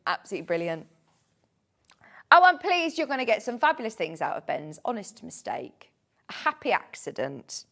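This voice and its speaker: Woman, shopping-channel presenter, chatty, fairly high voice, very lively intonation. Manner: chatty, bubbly, laughs often. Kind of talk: live TV sales presentation.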